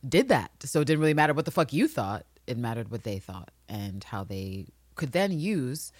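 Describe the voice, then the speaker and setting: A low-pitched woman from New York co-hosts a casual podcast. Her voice leaps up and down as she tells stories and puts on voices, swearing freely. The sound is close and dry. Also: husky, no echo. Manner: profane, animated storytelling, quick to put on voices. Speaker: podcast co-host. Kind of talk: casual chat recapping a TV series.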